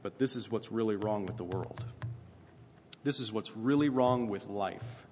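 Lower-voiced man preaching in a reverberant hall. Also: unhurried, a little mellow. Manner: conversational preaching, frequent "right?" asides. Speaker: pastor. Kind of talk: sermon. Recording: long reverb, faint ambient noise.

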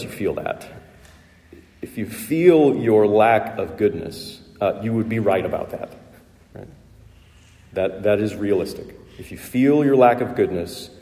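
A man's voice: on the low side, mellow, big-room sound. A man preaching a sermon as pastor, earnest and emphatic, often asking rhetorical questions. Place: church sanctuary.

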